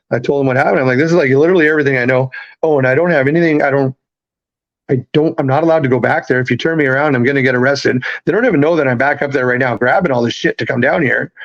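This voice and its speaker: Male podcast guest, 30s, rambling casual storyteller, muffled audio. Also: mid-range voice. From Canada. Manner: rambling, halting, many fillers and restarts. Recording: slightly dull lo-fi audio.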